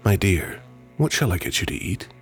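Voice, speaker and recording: A scheming sea dragon coaxes in a low, unhurried voice, as a man reads him out. His tone swings widely as he flatters his prey. It is a storybook folktale reading. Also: soft background music. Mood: coaxing. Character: scheming male sea dragon, smooth-talking.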